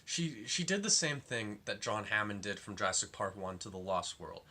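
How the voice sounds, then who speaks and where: Low, forceful young man ranting. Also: normal speed. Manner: rambling, lots of "like" fillers, exasperated. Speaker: film reviewer. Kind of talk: casual film review.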